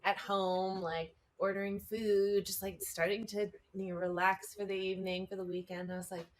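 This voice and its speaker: A young adult woman co-hosting a podcast in easy conversation. She talks with a middle pitch and scatters fillers throughout. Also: steady tone, moderate pace, hardly any pauses. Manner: chatty, many "like" fillers. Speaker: podcast co-host. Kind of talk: casual chat.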